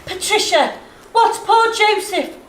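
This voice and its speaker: A respectable Liverpool mother frets and gets scandalised at every turn, as an actress plays her. Her voice is high, and it is heard from some distance on a stage that rings with echo. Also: animated, takes it slowly, full character voice. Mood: flustered. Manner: flustered, scandalised. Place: theatre stage. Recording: roomy stage sound from far off, faint ambience.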